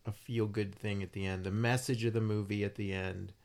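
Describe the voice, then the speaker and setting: A man in his forties who works as a musician, co-hosting a casual movie review podcast in a relaxed, conversational way. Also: lowish voice, a little fast, creaky.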